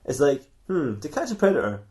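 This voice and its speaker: A man's voice: on the high side, very animated, brisk, very noisy. A man co-hosting a comedy podcast, telling a silly fan fiction story in a rambling way and laughing often at his own jokes.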